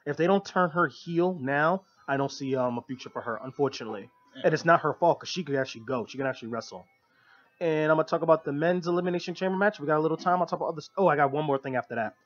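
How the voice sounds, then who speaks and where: A man co-hosting a radio talk show, giving long, opinionated explanations in casual chat. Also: fairly high pitch. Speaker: co-host of a wrestling review show. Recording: lo-fi radio broadcast.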